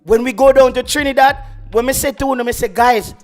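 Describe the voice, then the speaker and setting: A Jamaican football YouTube host with a very high voice talks a little fast over soft background music. He's on a livestream, ranting boastfully about football and sliding into patois.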